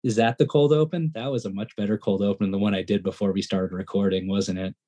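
A man co-hosting a podcast in casual chat, excitable and rambling, his voice jumping up when he gets worked up. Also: lowish voice, fast, dull audio. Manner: excitable, rambling, self-deprecating. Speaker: podcast co-host.

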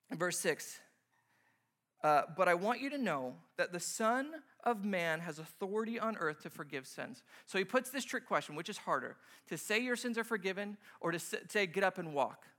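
A man's voice: sits high, bright, forceful tone. A young man preaching a casual sermon, joking and acting out little scenes as he explains a Bible passage. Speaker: pastor.

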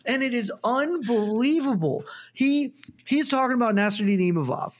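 A man on a sports podcast panel, chatting casually and rambling through long, animated tangents, with some swearing. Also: extremely high pitch, moderate pace. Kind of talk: casual chat.

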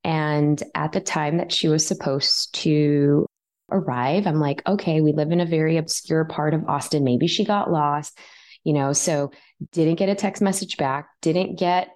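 A woman's voice: low voice, a little slow. A woman in her thirties, a guest author telling a story in a podcast interview, acting out the lines she quotes. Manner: animated, acts out her own quoted lines.

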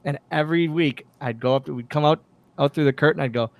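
A man, a former pro wrestler, telling backstage stories as a guest in a casual interview, lively and full of acted-out quotes. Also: fairly high pitch, fast. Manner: animated anecdotes, acts out quoted dialogue, many restarts. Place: podcast studio.

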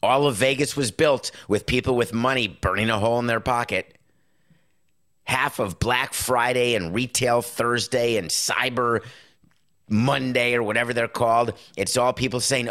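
A man's voice: medium pitch, normal speed. A middle-aged man hosting a sports talk show, giving an opinionated monologue with sarcastic, punchy stresses. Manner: emphatic, sarcastic, punchy with sudden loud stresses.

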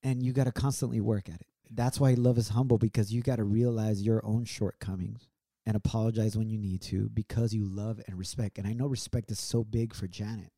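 A man's voice: on the low side, steady tone, a little fast, warm tone. A middle-aged man co-hosting a podcast, telling a personal story in an earnest, reflective way. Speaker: podcast co-host. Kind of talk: casual, heartfelt storytelling.

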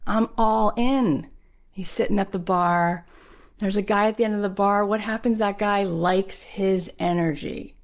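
A woman giving a motivational talk, telling a story with emphatic repetition and acting out the people in it. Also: lowish voice. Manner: emphatic, repeats key phrases for punch; animated, acts out the people in the story. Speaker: motivational speaker.

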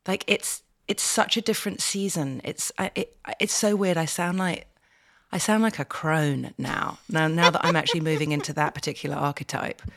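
A middle-aged woman chatting as a podcast guest, reflective and rambling, laughing often. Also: fairly low pitch. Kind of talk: casual chat.

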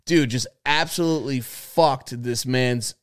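A man's voice: medium pitch, moderate pace, smooth. A man co-hosting a podcast, rambling through a story with heavy swearing. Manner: rambling, heavily profane storytelling. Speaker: podcast co-host. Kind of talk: casual chat.

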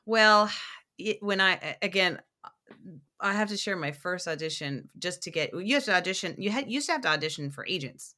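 A woman's voice: on the low side, fairly quick. A young woman guest on a podcast, chatting casually and telling stories with lots of restarts and fillers. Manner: animated storyteller, many restarts and fillers. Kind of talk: casual interview chat.

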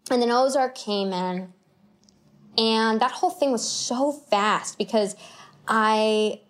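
Animated, chatty young woman. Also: on the high side, slow. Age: 20s. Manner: animated, chatty, frequent laughs and filler words. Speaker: actor as interview guest. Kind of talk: casual conversational storytelling.

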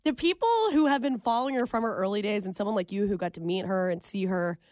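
A woman's voice: medium pitch, quick pace, darkish tone, dry recording, clean studio sound. A woman co-hosting a radio show, chatting in a teasing, enthusiastic way. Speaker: radio co-host. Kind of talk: casual on-air chat.

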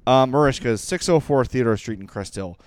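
A man co-hosting a sports podcast, talking in an animated, excitable way in casual chat. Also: mid-range voice, fairly quick, no room sound. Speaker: podcast co-host.

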